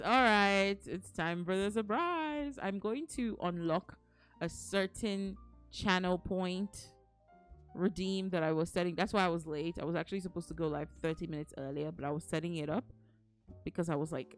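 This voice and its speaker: Playful, teasing woman streamer, soft music behind. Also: on the low side. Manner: playful, teasing, mock-angry, laughs often. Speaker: streamer reading to chat. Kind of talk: casual stream chat.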